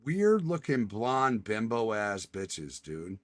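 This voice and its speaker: A man's voice: on the low side, very animated, slow pace. A male streamer doing a casual reaction stream, profane and exasperated, cursing and laughing often.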